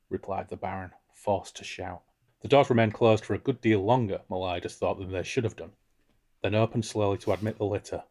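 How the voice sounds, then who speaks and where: Low-voiced man reading aloud. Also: a little fast. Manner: expressive reader, lifts voice for quoted characters. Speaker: podcast co-host reading and discussing a novel. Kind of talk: casual book-club chat with read-aloud passages.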